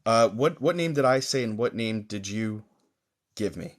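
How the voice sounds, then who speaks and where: A man hosts a live-streamed psychic reading, his voice sitting a little lower than most. He feels his way through the session in a halting manner, full of pauses and fillers. His tone toward viewers stays gentle and reassuring. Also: expressive. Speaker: psychic medium.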